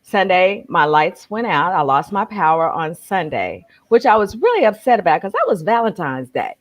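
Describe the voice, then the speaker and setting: A woman's voice: medium pitch, moderate pace. A woman from Texas, co-hosting a casual video-call chat and telling stories, calling people honey and child. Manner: expressive storyteller, calls people honey and child. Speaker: co-host. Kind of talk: casual live-stream chat.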